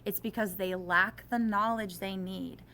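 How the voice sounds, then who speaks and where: A middle-aged woman teacher talking in an interview, animated and self-deprecating, growing impassioned as she makes her case. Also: mid-range voice, unhurried, slight background noise.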